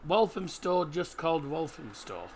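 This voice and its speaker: A man's voice: fairly high pitch, very animated, measured pace, darkish tone. A man with a Yorkshire English accent hosting a football livestream, chatting casually with viewers, thinking aloud and calling them "mate". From England. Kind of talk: casual live-stream watchalong chat.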